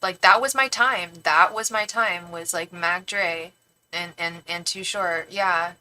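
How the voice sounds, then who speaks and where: A woman's voice: fairly low pitch, measured pace, poor audio. Slangy Northern California woman streamer. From San Francisco Bay Area, California. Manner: animated and slangy, with frequent "like" and playful swearing. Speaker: tarot reader and livestream host. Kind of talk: casual livestream chat, reading viewer comments aloud.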